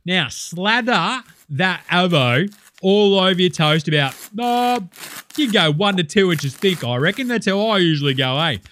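A man's voice: high voice, expressive, measured pace, a bit bright, slight background noise. A man with an Australian accent playing a boisterous, crude male cooking-show host in a comedy parody. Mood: jovial. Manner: hearty, crude, laid-back slangy banter. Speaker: comedy sketch performer.

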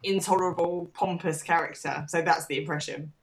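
A woman's voice: lowish voice, steady tone, a little fast. A young woman co-hosting a podcast, adding wry, amused asides while recapping a TV episode. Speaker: podcast co-host. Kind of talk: casual recap chat.

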